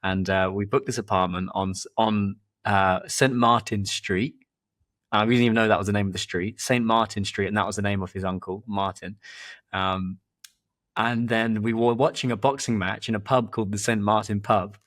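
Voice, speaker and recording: A man's voice: fairly low pitch, normal speed. A man, hosting a podcast and telling stories in a loose, rambling conversational way. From England. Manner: rambling, repeats words, lively when telling anecdotes. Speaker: podcast host and performance coach. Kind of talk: casual conversational storytelling.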